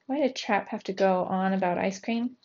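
Woman reading a storybook aloud, expressive. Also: medium pitch, normal speed. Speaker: reader for young students. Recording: dull lo-fi recording.

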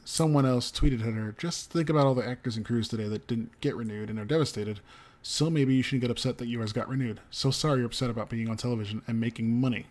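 A man's voice: mid-range voice, quick pace, darkish tone. Man reading news on a podcast. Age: adult parent of a young child. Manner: reads stories aloud with frequent ums and asides. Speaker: podcast co-host. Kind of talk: casual news roundup.

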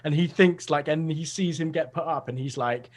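A man's voice: a little high, normal speed. A young man chatting casually over a video call, rambling through a comedy idea with lots of fillers.

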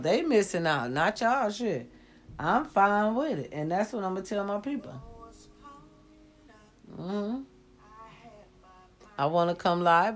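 A woman who is sick, lying down and talking bluntly to her viewers, swearing freely and giving life advice. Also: lowish voice. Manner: blunt, preachy, swears freely, says y'all often. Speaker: vlogger. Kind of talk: casual talk to viewers.

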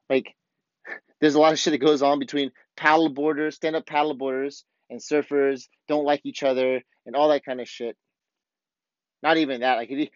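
A man's voice: a little high, no echo, highs cut off. Fired-up, profane podcast host, a man. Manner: blunt, profane, fired-up ranting. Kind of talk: casual monologue.

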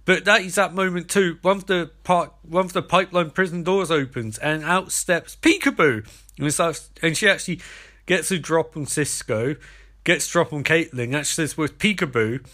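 A man's voice: on the high side, normal speed, sharp tone. Sarcastic, rambling man recapping a show. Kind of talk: comedic episode recap.

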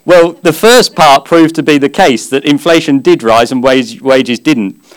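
A man preaching a sermon at a church service, earnest and conversational, with gentle humor. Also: fairly high pitch, unhurried.

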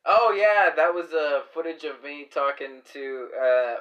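A man co-hosting a podcast, chatting casually over beers, rambling and halting, often laughing. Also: fairly high pitch, animated, lo-fi sound. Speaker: podcast co-host.

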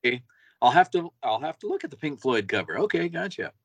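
A man's voice: on the high side, big pitch swings, fast, fairly bright tone, no room sound. A man co-hosting a podcast, chatting casually and enthusiastically, often repeating words as he goes. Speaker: podcast co-host. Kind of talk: casual chat.

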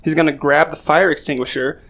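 A man's voice: a little high, steady tone, brisk, a bit bright, a little hiss or hum. A young man co-hosting a podcast, playful and laughing as he talks in casual chat. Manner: playful, laughs while talking. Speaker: podcast co-host.

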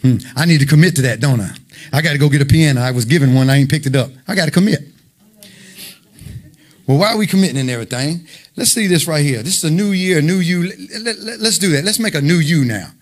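A man's voice: on the high side, fast talker. A man preaching an informal sermon, conversational and emphatic, full of rhetorical questions.

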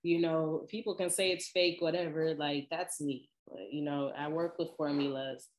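In an echoey, reverberant room, a woman hosting a podcast chats casually, her low voice lively and animated. She hops from tangent to tangent, laughing and slipping into quick impressions.

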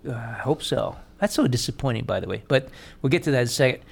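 Gravelly man swearing through casual chat. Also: mid-range voice, lively intonation, fast talker, slight background noise. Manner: loose, profane, chatty. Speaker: podcast co-host.

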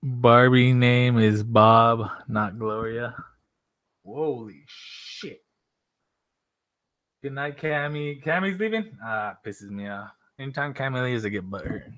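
A man's voice: mid-range voice, measured pace, hardly any pauses, a bit bright, dry recording, studio quality. A young man hosting a livestream, rambling and joking with lots of swearing. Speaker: livestream host. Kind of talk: casual livestream chat.

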